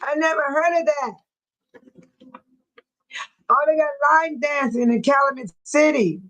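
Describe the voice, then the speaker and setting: Her voice high, pushed and bright, a livestream host chats casually with viewers through a rough-sounding recording. She talks a lot, goes over the same things repeatedly, and is quick to laugh.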